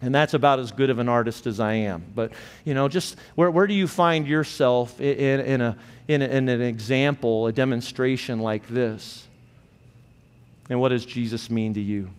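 A male pastor delivers an earnest, measured sermon with a mid-range voice. His words hang in the long reverb of a church sanctuary. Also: mid-range voice, clean tone. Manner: earnest, measured, slows for emphasis.

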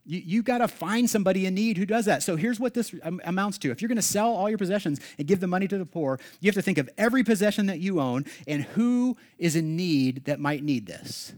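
A man preaching a sermon as pastor, conversational with humorous asides, dropping to hushed passages and rising to loud emphatic ones. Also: sits high, animated, fast, hardly any pauses.

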